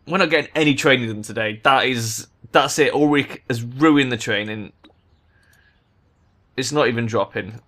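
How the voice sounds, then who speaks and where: A man talking through a management game he is playing, in a middle-pitched voice. He swears freely and sounds worn out with his players, breaking into loud, high rants. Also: normal speed. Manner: exasperated, swears a lot, bursts into loud rants. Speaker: gaming YouTuber. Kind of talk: game commentary.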